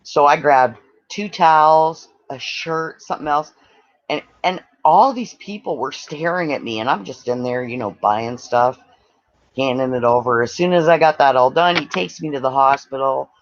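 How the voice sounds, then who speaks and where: A Canadian man with a voice on the high side tells a long personal story at a moderate pace in casual chat. He is animated and acts out what other people said in their voices. The audio is dull and lo-fi.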